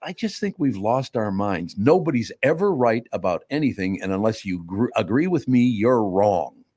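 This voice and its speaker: A man's voice: lowish voice, big pitch swings, moderate pace, warm tone, dry recording, studio quality. A man hosting a casual talk radio show, rambling and incredulous, reading an ad in his own voice. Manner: rambling, incredulous, mock accents for jokes. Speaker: radio host. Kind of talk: casual talk radio banter and live ad read.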